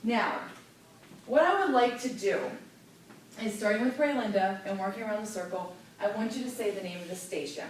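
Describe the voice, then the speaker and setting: A woman radio host teaching a class, lively and demonstrative, stressing clear enunciation. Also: mid-range voice, brisk, a little hiss or hum. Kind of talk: classroom lesson. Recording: echoey room picked up from far.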